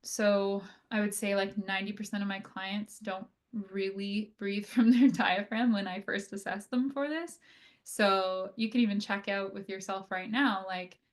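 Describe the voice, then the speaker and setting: A woman occupational therapist giving an educational lecture on breathing, talking conversationally with frequent fillers like "right?" and "like", and slowing down to demonstrate calm breathing. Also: mid-range voice.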